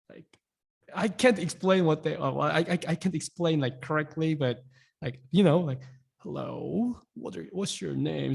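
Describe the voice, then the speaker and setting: A young man gives a relaxed online language lesson in a slightly raised, mellow, husky voice. He says each word slowly more than once and keeps turning to his viewers with "guys". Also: fairly high pitch. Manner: repeats words slowly, keeps asking "guys". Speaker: language teacher.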